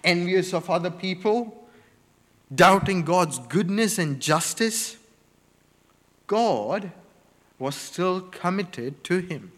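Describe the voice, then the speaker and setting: A man preaching a sermon, slow and deliberate, stressing words one by one in emphatic lists. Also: high-pitched, animated, a bit bright, long reverb tail.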